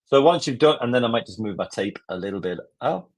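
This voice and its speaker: A man hosting a live software lesson, walking through steps in a chatty, joking way. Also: mid-range voice, animated, fast. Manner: chatty, jokey, step-by-step. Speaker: tutorial host.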